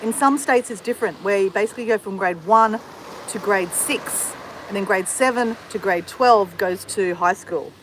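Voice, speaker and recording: A woman's voice: medium pitch, normal speed, slight background noise, low-quality recording. A woman from Australia with an Australian accent, chatting casually with viewers on a livestream, greeting them and answering their comments. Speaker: livestream host. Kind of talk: casual live chat with viewers. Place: outdoors in the sun.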